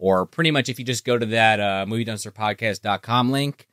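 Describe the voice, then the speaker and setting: A man co-hosting a live-streamed podcast, chatting in an animated way and laughing easily. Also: fairly low pitch, brisk, smooth, dry recording, studio quality. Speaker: podcast co-host. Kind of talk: casual live-stream chat.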